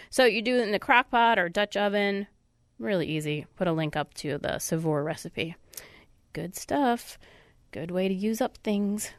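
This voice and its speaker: A woman's voice: medium pitch, dry recording, studio quality. A woman hosting a radio food show, chatty and upbeat, with a stuffy nose. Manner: chatty, upbeat, self-deprecating. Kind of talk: casual radio food segment. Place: radio studio. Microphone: studio microphone.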